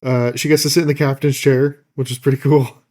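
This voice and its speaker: A man talks through a television episode's plot in a loose, unhurried podcast chat. His voice sits at an ordinary pitch but has a dark, mellow tone, and he fills pauses with ums and uhs as he goes. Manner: relaxed, loose plot recap with many fillers. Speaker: podcast co-host recapping an episode. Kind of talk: casual chat.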